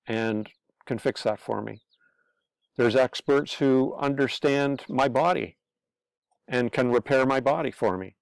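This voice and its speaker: Gravelly man giving blunt advice. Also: mid-range voice, no room sound. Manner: blunt, earnest, repetitive, swears. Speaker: online pastor-commentator. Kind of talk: casual advice monologue.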